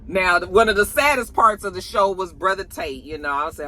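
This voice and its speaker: A woman's voice: sits low, animated, fairly quick, few pauses, bright, forceful tone, slight background noise. A woman chatting through a TV episode recap in a sassy, gossipy way, calling listeners honey and child. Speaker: TV episode reviewer. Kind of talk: casual recap chat.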